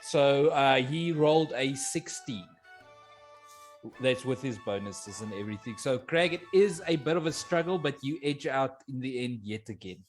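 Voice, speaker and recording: A man narrating as game master, unhurried, often pausing on "uh" as he sets scenes and calls for rolls. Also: mid-range voice, faint music behind. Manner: unhurried, with frequent "uh" pauses.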